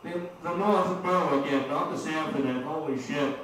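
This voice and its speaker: Rambling profane comedian. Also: male voice, on the high side, moderate pace, fairly bright tone. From Maine. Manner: rambling, profane, laughs at his own jokes. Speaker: stand-up comedian. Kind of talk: stand-up set. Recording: echoey room, distant mic, faint noise.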